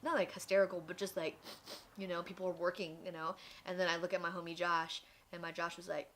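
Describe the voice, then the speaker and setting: Young adult woman, candid personal storyteller, animated, acts out the voices she quotes. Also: lowish voice, quick pace. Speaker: vlogger.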